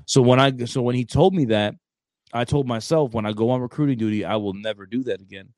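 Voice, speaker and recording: A man's voice: mid-range voice, fast, no echo. A young adult man, a Marine staff sergeant, telling a story in casual chat, acting out the quoted lines and restarting his sentences. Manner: animated storyteller, acts out quoted dialogue, stumbles and restarts.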